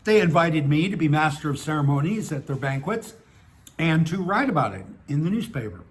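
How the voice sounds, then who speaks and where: A man's voice: on the high side, big pitch swings, fairly quick. A man reading his own personal essay aloud, in a wry, dryly humorous way. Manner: wry, dry humour with small laughs.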